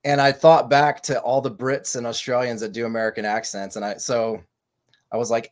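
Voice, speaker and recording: A man from Texas, co-hosting a casual live chat and telling stories in an animated, joking way. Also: medium pitch, normal speed. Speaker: co-host.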